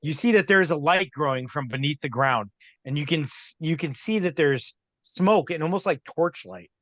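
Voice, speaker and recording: A man narrating as game master in a tabletop game, unhurried and often restarting his sentences. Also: on the high side, lively intonation, a bit bright, dry recording.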